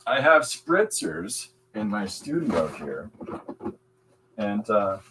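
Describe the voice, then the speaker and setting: Over some background noise, a man with a lowish, gravelly voice talks slowly, his pitch swinging widely. He's a podcast host and comic artist drawing in his art studio, chatting casually on a live stream and answering viewer comments aloud.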